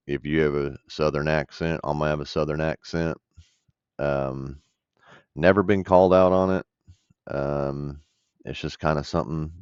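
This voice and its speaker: A real estate investor from the American South gives casual commentary over a recording of a phone call he made, coaching viewers through the deal in a blunt, conversational way. His voice is extremely low and smooth, captured as a dull, dry voice-over.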